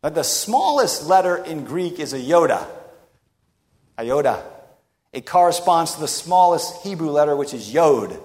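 A man preaching a sermon in an emphatic, rhetorical way with dramatic pauses. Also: fairly high pitch, sing-song, a little mellow. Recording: long reverb of a large hall.

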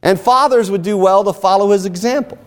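A man preaching a sermon, telling stories and rising into emphatic, animated lines. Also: high voice, fairly quick. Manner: animated storytelling with emphatic rises. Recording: long hall reverb.

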